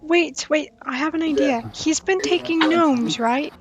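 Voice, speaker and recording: A woman in a tabletop game, her voice sitting high as she tries to calm everyone down. She reasons with the group and pitches ideas in an even, placating way. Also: unhurried, over loud music. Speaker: player.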